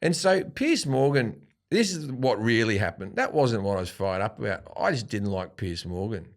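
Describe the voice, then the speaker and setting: An Australian man, a comedian guest, telling a profane anecdote in an animated way and acting out quotes. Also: fairly low pitch, normal speed. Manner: animated, swearing freely, acts out quotes.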